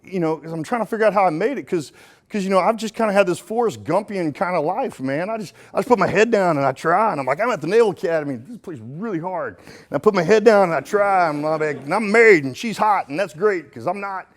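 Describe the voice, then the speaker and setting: A man's voice: high-pitched, lively intonation, fast. Folksy, joking man giving a keynote. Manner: folksy and joking, swinging between punchy and hushed. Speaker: motivational speaker. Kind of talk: live keynote speech to an audience. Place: stage in front of a live audience.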